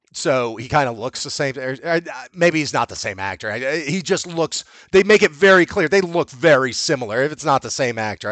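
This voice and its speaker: A man hosting a podcast, recapping a movie in casual, profane, animated chat. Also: mid-range voice, no room sound. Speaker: podcast host.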